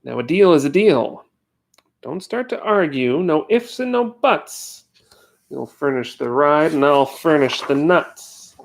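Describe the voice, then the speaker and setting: A man's voice: on the high side, very animated, slow pace, creaky, heavily acted. A man voicing a bossy, scheming little bug in a storybook reading. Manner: bossy, taunting.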